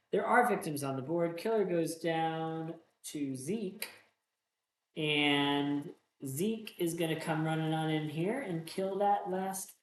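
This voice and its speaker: A man casually playing a solo tabletop game, reading gruesome card stories aloud and joking at his own bad luck, in a roomy, echoey room. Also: fairly high pitch. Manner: self-mocking, groans about bad dice rolls. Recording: roomy echo.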